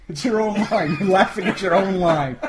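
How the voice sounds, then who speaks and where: A man's voice: sits high, normal speed. A man voice actor joking wryly during a recording session. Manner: wry, joking. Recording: echoey room with audible noise.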